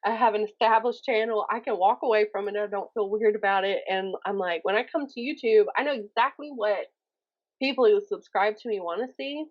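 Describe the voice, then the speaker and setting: A young woman with a Southern accent from Mississippi, chatting as a podcast guest, animated and often laughing. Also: medium pitch, brisk, highs cut off. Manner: animated, laughing, mimics others in quotes. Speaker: guest poet and YouTuber. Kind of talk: casual interview chat.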